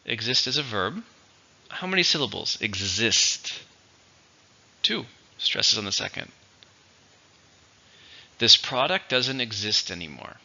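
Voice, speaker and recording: A man teaching English vocabulary, speaking slowly and deliberately and repeating each word for pronunciation. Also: medium pitch, lively intonation, gravelly, pushed and bright, highs cut off. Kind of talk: vocabulary lesson with dictation.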